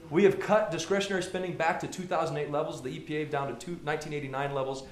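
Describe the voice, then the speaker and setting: A Colorado senator gives a stump speech full of anecdotes to a small gathering, his voice high, steady and rapid-fire. He often restarts and repeats words as he tells stories. The room is very echoey, with faint ambient noise.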